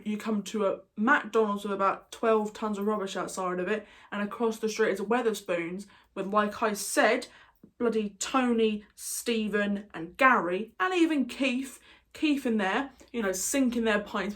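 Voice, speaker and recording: Casting: chatty British woman vlogger, jokey, wanders off on tangents. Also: mid-range voice. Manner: rambling, jokey, goes off on tangents. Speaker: YouTuber. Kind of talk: casual vlog chat.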